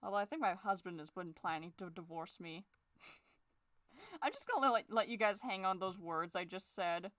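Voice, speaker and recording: A young woman chatting casually while she draws, sarcastic, swearing freely, and jumping into shrill forced cheer. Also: lively intonation, normal speed, fairly bright tone, no echo, clean studio sound. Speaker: drawing vlogger. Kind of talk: casual chat while drawing.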